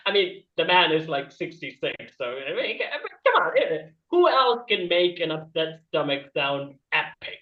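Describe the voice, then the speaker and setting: A man's voice: fairly high pitch, big pitch swings, a little slow, echoey room, distant mic, muffled recording. A man doing a rambling stand-up comedy bit over a video call, laughing at his own jokes. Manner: rambling and self-amused, laughing at his own jokes, with jumpy shifts in loudness.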